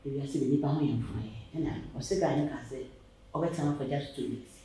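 A man's voice: medium pitch, brisk, dark tone, very echoey, distant mic, close to an everyday voice, low-quality recording. A man with a Ghanaian accent acting an aggrieved man of the house who complains and explains at length. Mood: complaining. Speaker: actor in a web drama. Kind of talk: dramatic dialogue.

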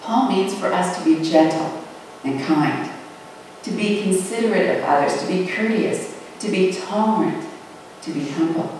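Preacher, sermon read slowly and deliberately with drawn-out emphasis, recorded at a distance in a very echoey sanctuary. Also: mid-range voice, a little mellow, slight background noise. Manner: measured, with slow drawn-out emphasis on key words. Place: large church sanctuary. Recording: echoey hall, voice from far off.

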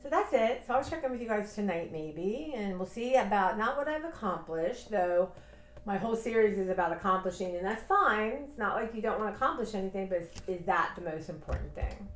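A woman's voice: medium pitch, animated, brisk. Rambling woman in her fifties, roomy echo. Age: 50s. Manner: rambling, reflective, heartfelt. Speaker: vlogger. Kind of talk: casual personal vlog.

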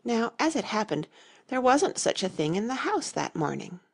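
A woman reading the part of an anxious, muddled elderly queen in a fairy-tale audiobook, talking softly and vaguely. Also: fairly high pitch, very animated, normal speed, voice pushed up, exaggerated voice. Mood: fretful. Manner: fretful, wandering, breathy and soft.

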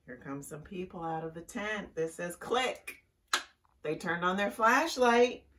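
A woman's voice: lowish voice, recorded from a distance, background noise. A woman librarian reading a picture book aloud to young children, chatty and asking them questions. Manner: slow, lively and chatty with young listeners.

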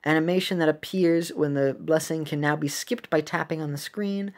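A woman with a notably low voice reads a mobile game's story text aloud in a casual commentary. She keeps stopping to make puns, correct herself and laugh at her own jokes. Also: normal speed. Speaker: game video creator.

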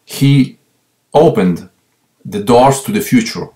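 Italian-accented man, halting with fillers. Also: mid-range voice, lively intonation, dark tone. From Italy. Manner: halting, many fillers and repeats. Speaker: guest violist. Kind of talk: interview over a remote line.

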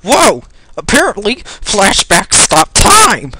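A man giving jokey let's play commentary over his own game, excitable and quick to panicked yelling. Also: sits high, a little hiss or hum. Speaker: gameplay commentator.

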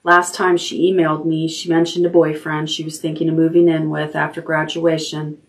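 A woman reading the lines of a kindly, slightly awkward middle-aged aunt in a gentle, earnest voice. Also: deep voice, level tone, moderate pace, far from the mic.

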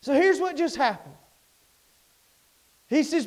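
A man preaching in a church, his voice sitting high and leaping all over the scale. He moves from ringing, fervent declarations to near-hushed asides, working the congregation. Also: expressive, moderate pace. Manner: impassioned preaching, swings between loud and hushed. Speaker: pastor. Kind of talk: sermon. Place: church sanctuary.

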